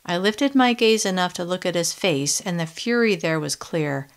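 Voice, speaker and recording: A woman reading a first-person young adult novel in a steady, measured audiobook narration. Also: lowish voice, smooth.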